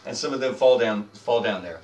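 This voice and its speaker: A man's voice: mid-range voice, fairly quick, darkish tone, distant mic. A man narrating a tabletop game as dungeon master, rambling with lots of fillers. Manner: rambling, filler-heavy, chuckling. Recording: roomy, off-mic, faint music behind.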